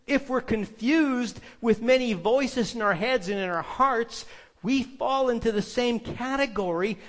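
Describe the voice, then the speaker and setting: A man's voice: very high voice, fairly bright tone. A male pastor preaching a sermon, emphatic and putting rhetorical questions to the congregation.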